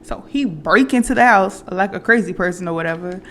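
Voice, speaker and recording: A woman's voice: fairly low pitch, a little fast, a bit bright, slight background noise. A woman vlogger casually retelling a movie plot, rambling with fillers and restarts. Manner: acts out quoted characters.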